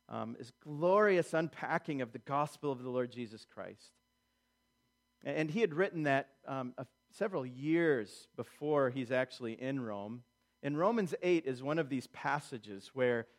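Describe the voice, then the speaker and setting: A man preaching a sermon, acting out quotes in character and building emphasis through repetition. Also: medium pitch. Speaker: pastor.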